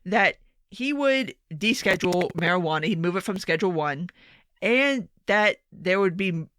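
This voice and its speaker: A woman's voice: fairly low pitch, lively intonation, moderate pace, a bit bright, no room sound, clean studio sound. A young woman giving a casual, sarcastic political commentary monologue, full of swearing and exasperated asides.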